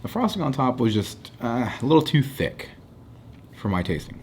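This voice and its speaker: A man casually rating cookies on a food show, relaxed and deliberate, stretching out his announcements. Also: mid-range voice, a little hiss or hum. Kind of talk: casual food review chat.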